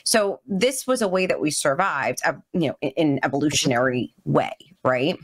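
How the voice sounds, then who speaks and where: A woman with a low, deep voice co-hosts a podcast conversation. She explains things in a relaxed, casual way and often answers with short affirmations. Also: moderate pace. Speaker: podcast co-host.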